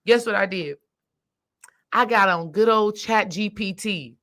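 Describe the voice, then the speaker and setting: A woman, a spiritual coach, telling a personal story in a casual monologue, emphatic and animated, speaking straight to her listeners. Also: medium pitch, measured pace, pauses often. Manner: animated, acts out quoted dialogue; emphatic, addresses listeners directly.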